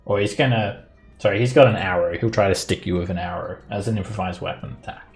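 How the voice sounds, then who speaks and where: A man's voice: deep voice, fast talker, faint music behind. A man running a tabletop game as dungeon master, narrating loosely with fillers and frequent laughs.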